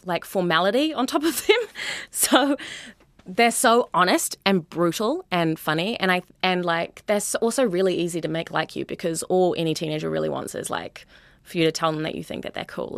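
Young Kiwi woman, twenties, teacher in a frank interview; lowish pitch, chatty, dry recording. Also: creaky, no room sound. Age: 20s. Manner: earnest, chatty, full of "like" and "you know". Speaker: high school teacher. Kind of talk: candid interview.

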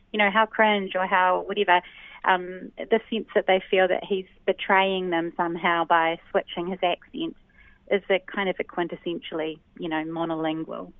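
A woman's voice: lowish voice, no echo. New woman on a tinny phone line. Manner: thoughtful, explanatory, many hesitations. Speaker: sociolinguist guest. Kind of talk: phone interview.

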